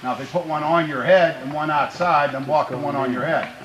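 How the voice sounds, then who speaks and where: A man who is a high school football head coach, giving an earnest, plainspoken pregame speech to his players and often restarting his phrases. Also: fairly quick, slight background noise, low-quality recording. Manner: grows louder and more fervent when speaking of country.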